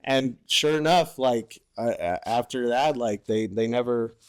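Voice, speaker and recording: A former Marine with a medium-pitched, unhurried voice tells war stories on a podcast, recorded at studio quality with no room sound. His casual storytelling is loose and profane, full of "like" and "you know."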